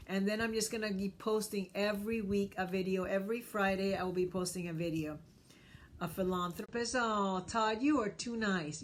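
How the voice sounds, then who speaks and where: A woman therapist hosting a casual live stream, greeting viewers by name with lots of fillers. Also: mid-range voice.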